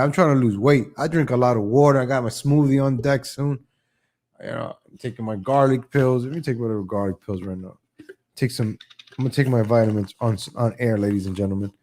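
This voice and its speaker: He has a medium-pitched, slightly mellow voice. Hosting a live online show, the man rants casually with plenty of sarcasm, often repeats his first words, and imitates people in exaggerated voices to mock them. He's opinionated and moves between topics abruptly.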